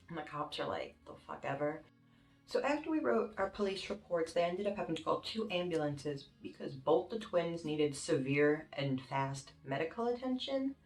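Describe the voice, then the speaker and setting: A young woman with a lowish voice retells a dramatic story in a lively, animated way, swearing freely. Her voice rings around an echoey room with faint music underneath. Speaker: YouTuber. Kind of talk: casual storytime.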